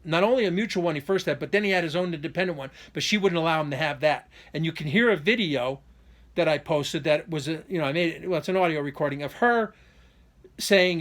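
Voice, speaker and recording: A vlogger with a slightly high, fairly bright voice talks at a quick clip while giving a personal update to camera. The monologue is improvised and meandering, with frequent restarts. He sounds aggrieved and indignant, accelerating in bursts whenever he reaches something important.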